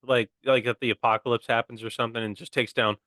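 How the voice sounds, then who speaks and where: Bright-voiced young man joking on a podcast. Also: medium pitch, level tone, quick pace, dry recording, studio quality. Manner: joking, playful, fond of silly voices. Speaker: podcast co-host. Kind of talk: casual comedy podcast chat.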